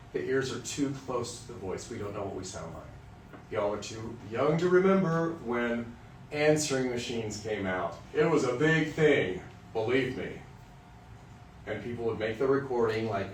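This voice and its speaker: A man's voice: mid-range voice, animated, unhurried, slight background noise. Joking, candid male voice teacher lecturing. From Western Kansas. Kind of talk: lecture to music students. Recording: roomy sound from a distant mic.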